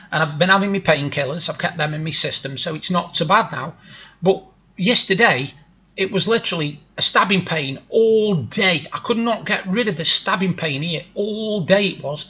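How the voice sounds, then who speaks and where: A man with a thick Stoke-on-Trent accent rambles cheerfully to his viewers, self-deprecating and easygoing. His voice is bright and a little husky. The recording sounds slightly dull, like a cheap home microphone. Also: a little high. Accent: Stoke-on-Trent (Potteries). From Stoke-on-Trent, England. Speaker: vlogger. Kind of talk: casual chat to camera. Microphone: new desktop microphone.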